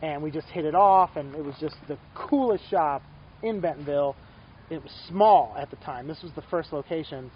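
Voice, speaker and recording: A man's voice: a little high, moderate pace, dull audio, a little hiss or hum. A man from Texas giving a casual testimonial interview, talking with eager enthusiasm and rambling from one thought to the next. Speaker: shop customer and ambassador.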